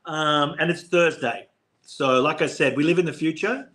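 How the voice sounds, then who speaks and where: A man's voice: on the high side, fairly bright tone. A man from Australia with an Australian accent, joking around as guest co-host on a live stream chat. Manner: joking, fast, dad jokes.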